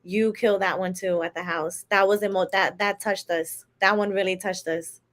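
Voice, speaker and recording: A woman's voice: mid-range voice, fairly even intonation, moderate pace, fairly bright tone. A woman on a group call gushing heartfelt praise. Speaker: call participant. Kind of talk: casual chat.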